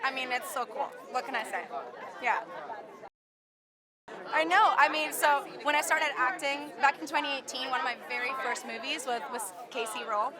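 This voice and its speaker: Bubbly actress on a noisy red carpet. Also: female voice, high voice, normal speed. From Canada. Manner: bubbly, gushing, lots of "like". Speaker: actress at her film premiere. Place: outdoor red carpet premiere. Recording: loud crowd noise outdoors. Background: crowd chatter.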